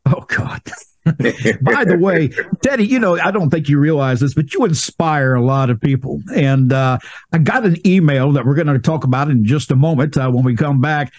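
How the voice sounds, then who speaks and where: A man's voice: on the high side, expressive, normal speed, dry recording. A man hosting a casual podcast, asking questions and reading listener email in an easygoing way. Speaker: podcast host. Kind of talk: casual interview chat.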